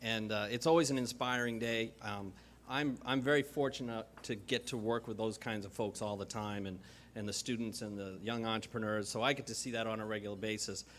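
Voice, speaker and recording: A man hosting an event and introducing the keynote speaker in a conference hall, halting often as he talks. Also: fairly low pitch, fairly even intonation, fairly bright tone, a little hiss or hum. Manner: halting, many fillers and restarts. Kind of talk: formal introduction speech.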